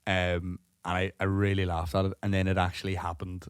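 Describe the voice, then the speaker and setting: A man's voice: sits low, monotone, brisk, smooth, no echo, studio quality. Sweary laughing man. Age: 30s. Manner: rambling, sweary, laughs through stories. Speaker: podcast co-host. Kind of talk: casual chat.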